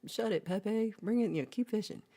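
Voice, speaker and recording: A woman's voice: mid-range voice, a little fast, warm tone, husky, voice pushed up. Woman playing a bossy fisherman dad. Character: gruff fisherman father.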